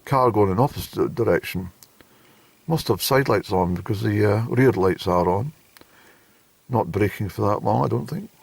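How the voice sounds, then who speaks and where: An older man with a Scottish accent telling a slow, hesitant, deadpan anecdote in a relaxed vlog. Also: fairly low pitch, creaky, breathy edge, no room sound. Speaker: vlogger.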